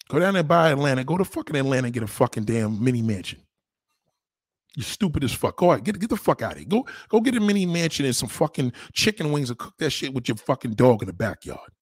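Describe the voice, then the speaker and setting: Profane, animated New man ranting. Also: a little fast, husky, no echo, studio quality. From New York. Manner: profane, animated, swinging pitch. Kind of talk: casual rant.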